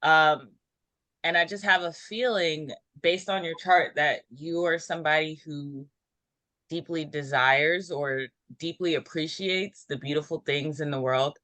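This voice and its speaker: A woman giving an intuitive numerology reading in a casual group chat, meandering and filling pauses with ums. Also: low-pitched, fairly even intonation, bright, forceful tone, no room sound. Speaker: numerology reader.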